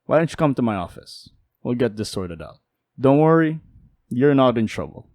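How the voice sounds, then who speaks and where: A man's voice: mid-range voice, big pitch swings, normal speed, a little mellow, no room sound, studio quality, close to an everyday voice. A man doing a caring, formal school principal. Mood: reassuring. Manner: polite and formal, addresses by title. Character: kind, caring male school principal, calm and reassuring.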